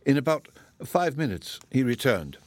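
A man's voice: medium pitch, big pitch swings, normal speed, a little mellow, dry recording. Man narrating an audiobook. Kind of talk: audiobook narration of a classic novel.

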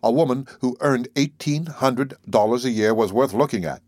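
A man giving a measured, even literary narration of a classic novel as an audiobook reader. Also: mid-range voice, no echo, clean studio sound.

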